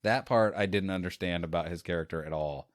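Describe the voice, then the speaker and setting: A man co-hosting a podcast, chatting casually about a movie and retelling scenes in a rambling, animated way. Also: low voice, a little fast, dry recording, studio quality. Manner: rambling, animated retelling with quoted lines and laughs. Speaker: podcast co-host. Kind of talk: casual movie review chat.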